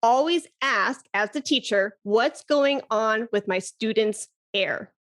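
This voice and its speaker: A woman's voice: a little high, takes it slowly, a bit bright. A woman flute teacher and podcast guest, talking enthusiastically and laughing often in a casual chat.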